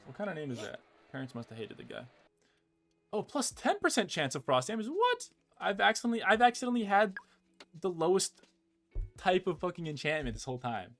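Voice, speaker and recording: Excitable young man commenting on gameplay. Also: a little high, fairly quick. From United States. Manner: excitable, exasperated, says "bro" a lot. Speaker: gaming video creator. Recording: game music behind the voice.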